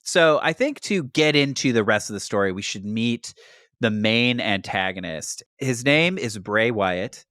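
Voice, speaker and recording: A man co-hosting a podcast, telling a story with lively, quoted voices in casual chat. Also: on the low side, measured pace, no room sound, studio quality. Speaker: podcast co-host.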